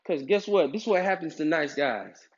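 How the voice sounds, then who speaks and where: Man preaching dating advice, kinda high voice, streetwise slang, dull lo-fi sound. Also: expressive, moderate pace, breathy edge. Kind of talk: casual advice monologue. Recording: dull lo-fi recording.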